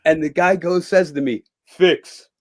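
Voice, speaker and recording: Gravelly-voiced man telling stories. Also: mid-range voice, moderate pace. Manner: animated storyteller who acts out other people's lines and swears freely. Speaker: guest, former boxer and cut man. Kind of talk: casual interview storytelling.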